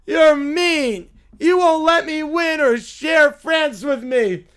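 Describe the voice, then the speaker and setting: A man's voice: very high-pitched, slow pace, fairly bright tone, pitched above the performer's own voice, full character voice. A man voicing a whiny, spoiled little princess girl who demands and complains. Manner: whining, demanding.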